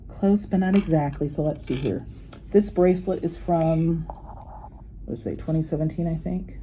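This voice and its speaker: A luxury unboxing vlogger chats casually and rambles while showing off her new jewelry, laughing a lot in this show-and-tell. Her low, mellow voice keeps a fairly even intonation at a moderate pace, with a bit of background noise.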